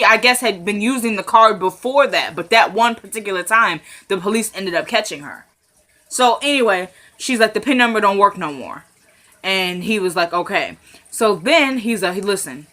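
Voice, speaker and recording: A woman casually recapping a TV episode, acting out the characters' lines with quick asides. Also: mid-range voice. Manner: animated, quotes characters, quick asides and laughs.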